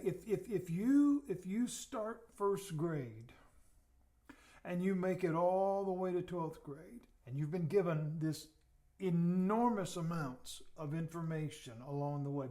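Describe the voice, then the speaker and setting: A man teaching as a pastor, earnest, often repeating himself and dropping his voice for emphasis. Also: sits high. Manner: earnest, repeats words, drops to soft emphasis. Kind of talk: sermon teaching.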